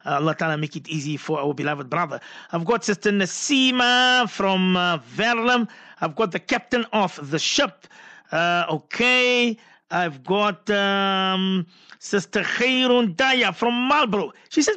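A man's voice: high voice, normal speed, bright, forceful tone, no echo. A man presenting a radio show, chatting casually as he reads out listener messages and muses aloud over how words are pronounced. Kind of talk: casual on-air chat reading listener messages.

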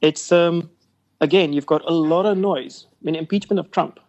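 A man's voice: fairly high pitch, moderate pace, darkish tone, highs cut off. A man, an investment company boss, talking business in a rambling, chatty way with lots of fillers. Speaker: investment company CEO guest. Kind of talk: casual radio business interview.

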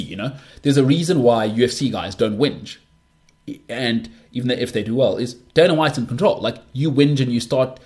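Guy hosting a sports rant, scornful and emphatic, keeps repeating himself, mid pitch. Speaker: show host.

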